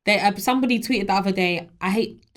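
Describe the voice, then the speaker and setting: A woman's voice: mid-range voice, fast. Woman, podcast co-host, asks questions, steers the casual chat. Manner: questioning, drives the talk.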